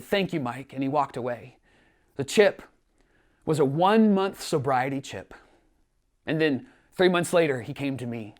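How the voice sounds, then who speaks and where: A man, a pastor, preaching a sermon with earnest storytelling and rising emphasis. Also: fairly high pitch. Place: church streaming from home.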